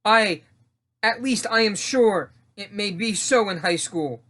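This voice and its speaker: A man's voice: high voice, takes it slowly, a bit bright. A man voicing a timid teenage boy finding his courage in a home reading of a mock-Shakespearean play, delivering earnest, declamatory lines.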